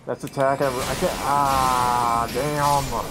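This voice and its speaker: A young man giving casual let's-play commentary, excitable and talking to himself as he yells at the game. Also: medium pitch, takes it slowly, background noise. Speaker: gameplay commentator.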